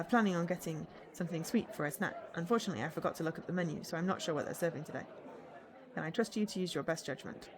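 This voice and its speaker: A woman's voice: fairly low pitch, fairly bright tone. A woman streamer reading a visual novel aloud, with playful, laughing asides.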